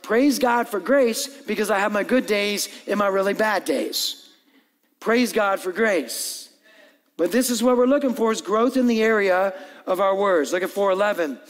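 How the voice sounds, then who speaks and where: High-voiced pastor in an echoing hall. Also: male voice, normal speed. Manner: animated, acts out dialogue and jokes with the congregation. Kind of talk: sermon. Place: church hall with long reverb.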